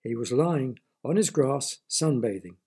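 A man's voice: mid-range voice, animated, measured pace, a little mellow, breathy edge. A man reading a children's story aloud, with playful asides to the listener.

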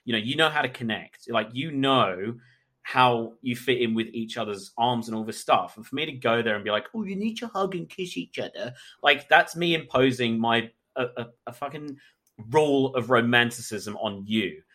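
Man, photographer, casual interview chat, candid, swears freely, mid-pitched voice. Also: moderate pace, fairly bright tone. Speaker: photographer guest.

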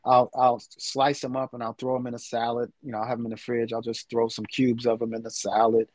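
A man's voice: medium pitch, completely flat delivery, fairly quick, a little mellow, no room sound. A middle-aged man in a casual chat, talking with rambling enthusiasm. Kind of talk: casual chat about food.

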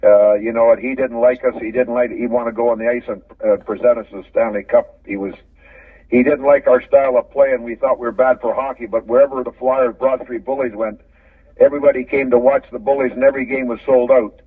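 An older Canadian man tells long, rambling stories, restarting his sentences and chuckling as he goes. His voice is husky and dry. It comes through a thin, phone-like line, set back from the mic. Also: medium pitch, fairly even intonation, brisk, no room sound. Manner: rambling, repeats words, chuckles while telling stories. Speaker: guest, former hockey player. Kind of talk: casual storytelling interview. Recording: phone-line audio from a distance.

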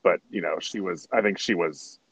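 A man, a stage actor, chatting as a podcast guest and telling stories in an animated way, often correcting himself as he goes. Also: deep voice, moderate pace, creaky, slightly rough. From United States. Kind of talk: casual podcast conversation.

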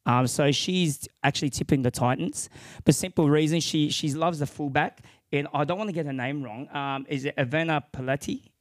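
A man's voice: fairly high pitch, moderate pace, dry recording. A man co-hosting a casual sports podcast, chatting in an easygoing way full of fillers. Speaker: podcast co-host.

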